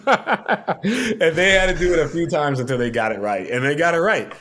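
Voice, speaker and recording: A man, a television producer and podcast guest, telling stories in a casual, animated way and laughing often. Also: on the high side, normal speed, noisy background. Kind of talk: casual storytelling.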